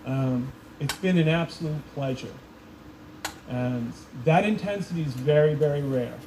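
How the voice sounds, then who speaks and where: A man coach giving a ceremony speech, telling lively stories and acting out quoted voices. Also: on the high side, unhurried, noisy background. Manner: animated storytelling with voiced quotes. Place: school event space.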